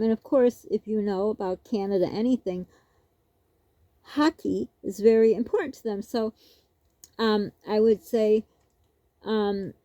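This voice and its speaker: A woman's voice: medium pitch, warm tone, no room sound. A woman vlogger telling a rambling, casual story, laughing often as she goes.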